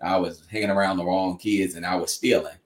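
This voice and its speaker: A man's voice: sits low, fairly even intonation, a little fast. A man in his fifties, a podcast host telling stories and giving folksy, preachy encouragement. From United States. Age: 50s. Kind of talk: faith-based casual talk. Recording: roomy echo.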